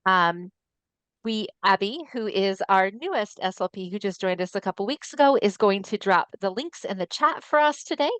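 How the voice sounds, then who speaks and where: With an expressive, clear, resonant mid-range voice, this woman presents an educational webinar for an ALS voice nonprofit at a normal pace. Her delivery is friendly and explanatory, sprinkled with ums, and the video call mic captures no room sound.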